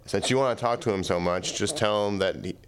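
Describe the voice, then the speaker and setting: A man playing a tabletop game, goofy and drawn-out in his delivery. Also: on the low side, smooth. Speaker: player. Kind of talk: casual tabletop role-play.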